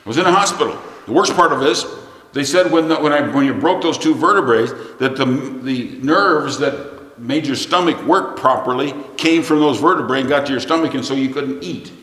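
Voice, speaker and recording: A man's voice: mid-range voice, fairly quick, a bit bright. A middle-aged man preaching a sermon, telling a plain-spoken, folksy story. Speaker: pastor. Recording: echoey hall, long reverb.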